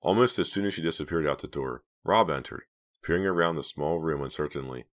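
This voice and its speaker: A man reading an audiobook in steady, measured scripted narration. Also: rumbling low.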